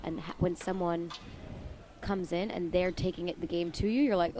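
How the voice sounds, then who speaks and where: A woman's voice: lowish voice, fairly even intonation, brisk, darkish tone. A woman giving live color commentary on a squash match, often acting out players' thoughts in quotes. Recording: noisy venue audio.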